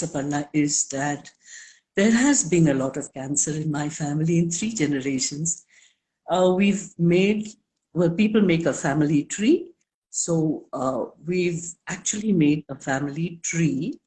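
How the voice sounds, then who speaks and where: An older woman speaking as a guest in a live interview, slow and emphatic, leaning on key words. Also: low voice, warm tone.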